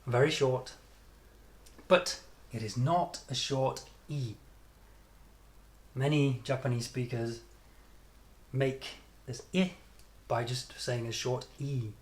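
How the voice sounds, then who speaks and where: A man with a British accent teaching English pronunciation, modelling sounds and stress patterns by repeating them deliberately. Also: medium pitch, steady tone. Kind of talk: pronunciation lesson.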